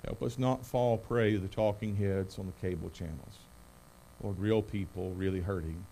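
A middle-aged man preaching, reading scripture with loud emphasis on key words and praying in a soft, hushed voice. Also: low-pitched, steady tone, moderate pace, gravelly, slight background noise. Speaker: pastor. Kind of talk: sermon with scripture reading and prayer.

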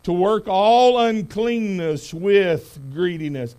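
A middle-aged man preaching, reading scripture with loud emphasis on key words and praying in a soft, hushed voice. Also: mid-range voice, measured pace. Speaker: pastor. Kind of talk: sermon with scripture reading and prayer.

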